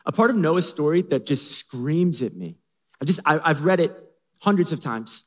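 A man's voice: fairly high pitch, expressive, normal speed. A man preaching a sermon as a pastor, with dramatic, humorous storytelling, in an echoey hall.

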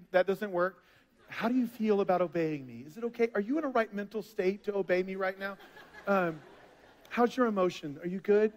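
High-voiced preacher man in a reverberant hall. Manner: storytelling, conversational with bursts of emphasis. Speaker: pastor. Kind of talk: sermon. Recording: long reverb of a large hall.

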